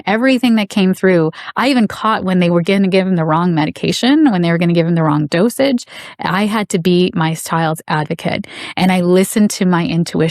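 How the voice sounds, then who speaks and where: A woman's voice: fairly low pitch, no echo, clean studio sound. A middle-aged woman, a podcast guest, telling an emotional personal story with intensity and indignation, acting out the voices of others. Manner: intense, indignant, acts out quoted dialogue.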